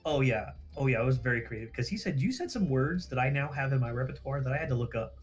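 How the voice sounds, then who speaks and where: A man's voice: medium pitch, lively intonation, quick pace, faint music behind. A man casually telling a story on a livestream, acting out quoted dialogue, swearing freely and laughing at himself.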